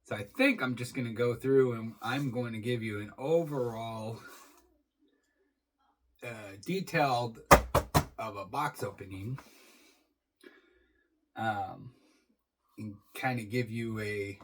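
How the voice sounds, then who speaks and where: A man with a husky, slightly breathy voice talks his way through an unboxing in a loose, rambling vlog style. He takes his time, drawing out his words and peppering them with casual swearing. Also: mid-range voice, slow, pauses often, low-quality recording. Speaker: beer reviewer.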